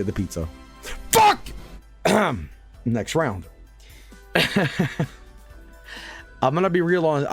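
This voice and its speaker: A man streaming gameplay commentary in a casual, hyperbolic way, with mock-announcer flourishes and shouted swearing at losses. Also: medium pitch.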